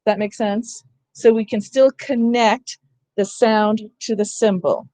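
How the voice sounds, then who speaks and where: A woman's voice: a little high, steady tone, takes it slowly, dark tone, no room sound. Woman explaining phonics to teachers, dry close sound. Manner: explanatory, asks "That makes sense?". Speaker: teacher trainer. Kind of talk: online teacher training lesson.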